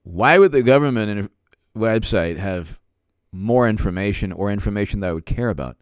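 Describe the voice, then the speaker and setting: A man's voice: fairly low pitch, expressive, normal speed, clean tone, no echo, clean studio sound. A man hosting a political commentary vlog, ranting sarcastically and repeating himself in disbelief. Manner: sarcastic, repetitive, incredulous. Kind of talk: casual political rant.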